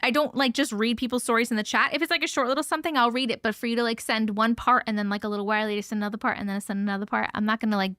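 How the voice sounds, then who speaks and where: A woman's voice: fairly high pitch, steady tone, very fast, hardly any pauses, fairly bright tone, dry recording, clean studio sound. A woman hosting a casual live stream, bubbly and laughing as she chats with viewers by name and reads their stories. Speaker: livestream host reading viewer stories.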